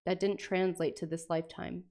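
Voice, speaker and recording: A young female streamer with a lowish voice chats on her livestream, reading passages aloud and reacting quickly to the text. Her talk is loose and casual, broken up by animated, sweary jokes.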